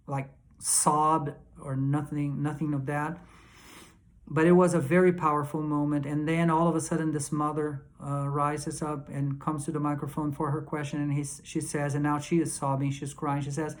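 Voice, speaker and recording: An earnest man recounting a conference panel he sat in on, in a casual spoken recap. He talks emphatically, stumbling into restarts and repeating words as he pushes his points. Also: fairly high pitch.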